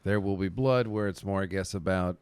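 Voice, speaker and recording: A man speaking as a podcast guest from a basement, soft-spoken and gentle, hesitant, with many fillers. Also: sits low, a little fast, smooth, no room sound. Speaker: guest comedian. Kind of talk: casual chat.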